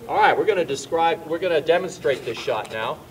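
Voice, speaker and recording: A man's voice: fairly high pitch, lively intonation, a little fast, recorded from a distance, a little hiss or hum. A man teaching tennis on an outdoor court, explaining volleys while demonstrating shots and calling out coaching pointers. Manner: explaining while hitting balls, bursts of louder coaching. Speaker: tennis instructor.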